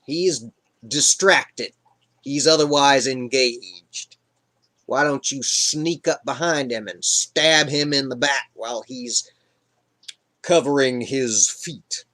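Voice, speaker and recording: A man's voice: mid-range voice, slow pace, sharp tone. A man hosting a live stream, retelling a Bible story in an irreverent, joking way. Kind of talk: casual comic Bible retelling.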